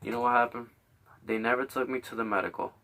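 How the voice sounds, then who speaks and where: A man's voice: medium pitch, fairly even intonation, fast, pushed and bright, far from the mic. A young man hosting a show, telling a heated, profane story full of acted-out quotes. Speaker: podcast host.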